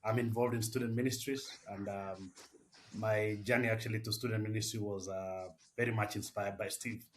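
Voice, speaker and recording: Kenyan man in his 40s, low voice, measured with frequent "uh", some faint background noise. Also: steady tone. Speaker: missionary and campus pastor. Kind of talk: interview answers.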